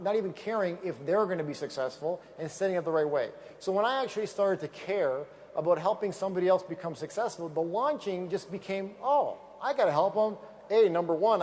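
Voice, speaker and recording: A man giving an energetic motivational speech at a sales event, emphatic and repetitive, telling stories from a stage microphone. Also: sits high, a little hiss or hum.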